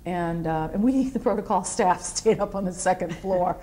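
Over a faint hiss or hum, a middle-aged veteran speaks at normal speed in a voice on the low side, recalling her service for an oral history. She spins lively, wandering tales and performs the quotes of the people involved.

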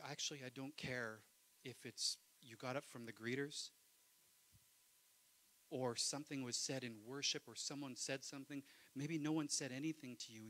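Pastor preaching in church; bright, ringing man's voice, impassioned with quiet asides. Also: medium pitch, low-quality recording. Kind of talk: sermon.

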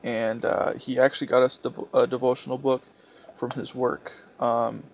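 A young man vlogging a personal story, speaking in a halting, hesitant way with many restarts, soft and subdued. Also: medium pitch, little pitch movement, creaky, a little hiss or hum.

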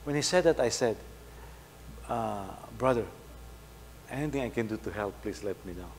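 Pastor preaching in a reverberant hall. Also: male voice, lowish voice, animated, moderate pace. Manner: storytelling, rising to loud emphasis then dropping soft. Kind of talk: sermon. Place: church hall. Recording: faint hum, long hall reverb.

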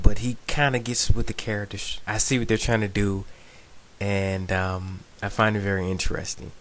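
A man's voice: fairly low pitch, steady tone, normal speed, a bit bright, a little hiss or hum. A man giving a rambling, casual video response, full of ums and "you know what I'm saying". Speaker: video blogger.

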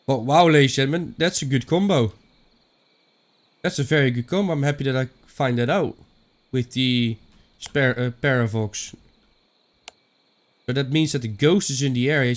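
Chatty man commentating a horror game. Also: medium pitch. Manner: chatty, thinking aloud, some non-native phrasing. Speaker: gaming YouTuber. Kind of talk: let's-play commentary.

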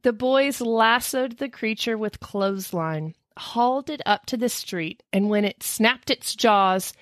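A young adult woman co-hosts a podcast, telling stories in casual chat and reading news clippings aloud with playful asides. She is animated, swooping into high squeals for emphasis, yet keeps a measured pace, and the recording is dry with clean studio sound.

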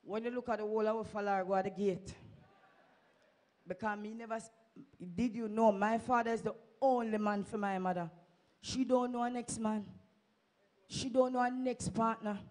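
A woman's voice: fairly high pitch, fairly even intonation, normal speed, a little mellow. A woman with a Jamaican accent gives a fervent testimony to a church congregation, exhorting the listeners and slipping into Patois. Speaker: church member giving testimony. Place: church sanctuary.

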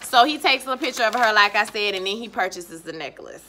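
A woman's voice: mid-range voice, lively intonation, brisk, pushed and bright, a little hiss or hum. A woman giving a casual recap of a TV episode, with sassy, slangy asides to the viewer. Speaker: TV show recap reviewer.

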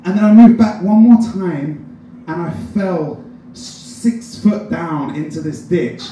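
Young English comic at an open mic, fairly high voice, caught from afar in an echoey room with clear background noise. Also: male voice, slow, distant mic. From England. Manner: animated, self-deprecating storytelling. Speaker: stand-up comedian. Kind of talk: stand-up storytelling. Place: open mic at a coffee shop.

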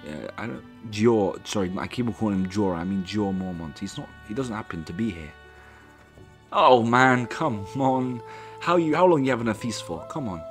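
A man with a low-set voice chats his way through a video game. He rambles and corrects himself as he reads the game's dialogue aloud. Faint background music plays beneath him. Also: expressive, normal speed. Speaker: gameplay commentator. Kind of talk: casual let's-play commentary.

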